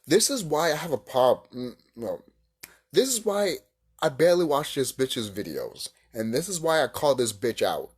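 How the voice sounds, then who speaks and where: Man, husky, ranting reaction commentary, swearing, loud then hushed. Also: medium pitch, very animated, moderate pace. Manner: heated, profane, swings between shouting and hushed musing. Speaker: video creator reacting to a clip.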